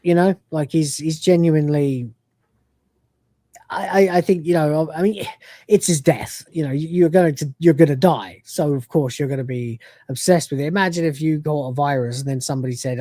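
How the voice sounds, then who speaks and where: A man's voice: fairly high pitch, moderate pace, mellow, dry recording. A man hosting a casual review podcast, rambling with many fillers and acting out quoted lines. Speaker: podcast host.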